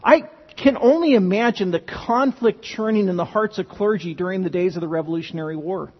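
A man's voice: high voice, a little fast, slightly rough. A man preaching a sermon, earnest and emphatic, often restarting his phrases. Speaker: pastor. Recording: dull, lo-fi sound with long hall reverb.

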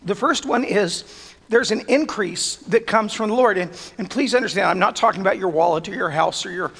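Guy preaching a sermon, kinda high voice, big echo tail from the church hall. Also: brisk, vocal fry. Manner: earnest preaching that rises to loud emphatic peaks. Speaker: pastor. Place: church sanctuary. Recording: long reverb of a church hall.

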